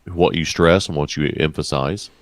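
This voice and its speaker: A man's voice: extremely low pitch, steady tone, normal speed, no room sound. A man being interviewed as a writer, speaking in short, to-the-point remarks in a casual chat. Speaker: guest writer.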